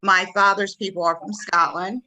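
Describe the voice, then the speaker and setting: A woman's voice: medium pitch, steady tone, sharp tone, poor audio. A woman from the Southern United States with a Southern American accent, co-hosting a casual chat with chatty enthusiasm. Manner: chatty and enthusiastic, quick to laugh. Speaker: podcast co-host.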